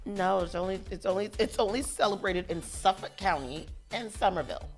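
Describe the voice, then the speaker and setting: A woman's voice: medium pitch, a little fast, soft background music. A woman co-hosting a morning radio show, chatting casually and reading facts aloud. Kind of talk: casual chat.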